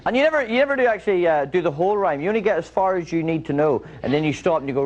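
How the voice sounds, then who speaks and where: A man's voice: sits high, expressive, rapid-fire, hardly any pauses, lo-fi sound. A man doing observational stand-up on a television studio stage, dry and rambling, acting out small everyday scenes. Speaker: stand-up comedian. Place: television studio stage before a live audience. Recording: noisy broadcast audio with loud audience laughter.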